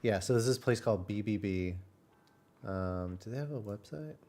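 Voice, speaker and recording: A man's voice: on the low side, animated, normal speed, darkish tone, slight background noise. A man from Texas streaming and telling a rambling travel story in casual chat, full of fillers.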